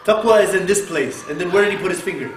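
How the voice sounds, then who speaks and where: A man delivers an animated mosque sermon with a fairly high voice. He poses rhetorical questions and recites Arabic verses between his points. The echoey room carries a faint background hum. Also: quick pace. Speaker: mosque speaker.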